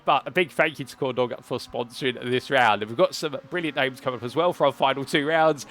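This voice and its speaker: A man's voice: mid-range voice, a bit bright, a little hiss or hum. Chatty British man commentating sim racing. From United Kingdom. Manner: chatty, rambling, polite British phrasing. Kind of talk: solo race commentary.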